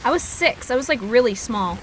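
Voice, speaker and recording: A woman's voice: fairly high pitch, lively intonation, a little fast, a little hiss or hum. A woman in her twenties, a streamer, telling a story in a rambling, casual way, swearing freely and laughing at herself. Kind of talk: casual storytelling while gaming.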